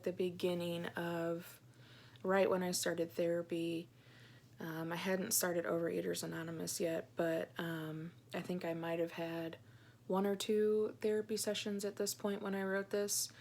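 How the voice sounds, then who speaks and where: Woman, 30s, Christian blogger; slightly low voice, soft and halting, reads her journal earnestly. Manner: soft, hesitant, many ums; earnest and heartfelt. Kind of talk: personal vlog, reading her own journal aloud.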